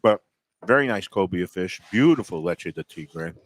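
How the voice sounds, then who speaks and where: Lower-voiced man hosting a food segment. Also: expressive, normal speed. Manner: chatty, upbeat food commentary. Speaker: TV lifestyle show host. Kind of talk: casual chat and food tasting.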